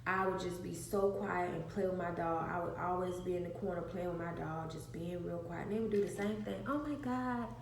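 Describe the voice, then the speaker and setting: A woman's voice: on the low side, fairly even intonation, brisk, gravelly, hardly any pauses. A woman earnestly telling a personal testimony to viewers, often repeating phrases for emphasis. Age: adult with an infant. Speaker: vlogger sharing a personal testimony. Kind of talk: emotional personal storytelling. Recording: echoey room with faint noise.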